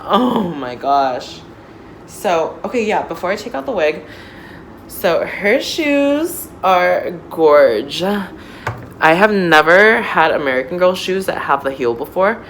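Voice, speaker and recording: Slow, animated woman gushing over a doll. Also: on the low side, a little hiss or hum, low-quality recording. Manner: gushing, excitable, chatty with lots of fillers. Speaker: doll unboxing vlogger. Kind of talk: casual unboxing chat. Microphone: phone camera.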